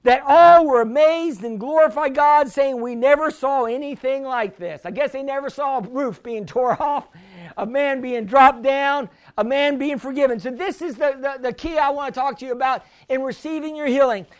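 A pastor preaching a healing sermon, fervent and often shouting, calling for responses from the congregation. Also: male voice, extremely high pitch, normal speed.

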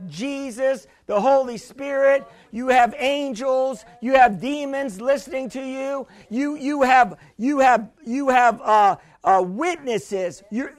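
High-voiced emphatic preaching man. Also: no echo. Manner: preachy, emphatic, call-and-response. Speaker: pastor. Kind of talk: sermon.

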